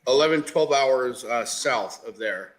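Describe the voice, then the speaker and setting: A man from upstate New York chatting easily, with halting repeated starts. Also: medium pitch, poor audio. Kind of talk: casual group video chat.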